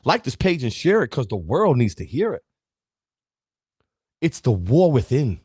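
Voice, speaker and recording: A man's voice: medium pitch, sing-song, unhurried, darkish tone, slightly rough, no room sound, studio quality. A man, giving an emphatic, preachy motivational talk as a podcast host and speaking straight to his listeners. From Brooklyn, New York. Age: 50s.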